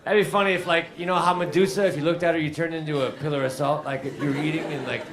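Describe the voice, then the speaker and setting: A man doing a stand-up comedy set of deadpan one-liners with a slow, drawling delivery. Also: on the high side. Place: comedy club stage before a live audience. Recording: roomy live club recording, crowd noise.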